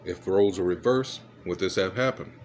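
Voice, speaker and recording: Low voiced guy reading news out loud, stops a lot to mutter and fiddle, bit of background hiss. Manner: halting, fumbles with his device and mutters asides. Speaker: commentator reading news aloud. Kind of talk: casual commentary while reading articles aloud.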